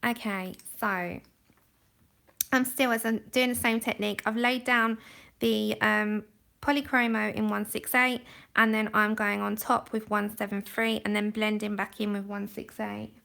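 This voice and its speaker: This livestream host, a Londoner with a matching accent, chats casually over her colouring, rambling a little and laughing frequently. Her medium-pitched voice moves little in pitch, with a measured pace, vocal fry and a pushed, bright quality, picked up by a phone mic.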